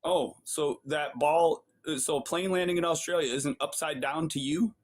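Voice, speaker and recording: A man's voice: on the high side, steady tone, normal speed. A man calling into an online debate, pushing his point and repeating questions over the host. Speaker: caller. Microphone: phone camera on a video call.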